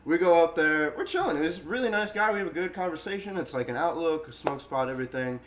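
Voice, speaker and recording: A young man with a slightly higher voice tells a rambling story in casual podcast chat. He acts out the other people's lines in quick bursts and laughs as he goes. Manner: animated, acts out quotes, laughs often. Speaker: guest storyteller.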